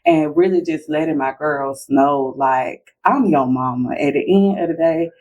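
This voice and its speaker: A woman guest in a casual interview reflects on parenting, acting out conversations with her daughters. Her voice is low, unhurried and darkish in tone, and the sound is lo-fi.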